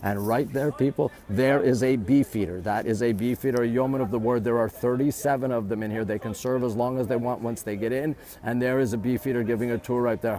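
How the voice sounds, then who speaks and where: A man's voice: medium pitch, mellow. Chatty man giving a live walking tour. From Canada. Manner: chatty, greets viewers constantly between facts. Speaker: live-stream tour guide. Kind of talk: walking live-stream tour with viewer shout-outs. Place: outdoors at a historic castle. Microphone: phone held while walking.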